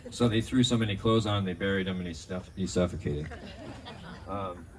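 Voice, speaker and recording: This eulogist has a slightly low male voice and a chatty, rambling style, sharing anecdotes at a moderate pace with many fillers. He's giving a storytelling memorial tribute outdoors in a park, picked up by a far-off mic with faint background noise.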